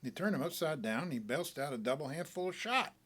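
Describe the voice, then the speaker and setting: A man spins a frontier tall tale in an animated, folksy storytelling manner. His voice sits slightly high and swings widely in pitch, bringing the yarn to life. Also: fairly quick, husky. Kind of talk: dramatic reading of a short story.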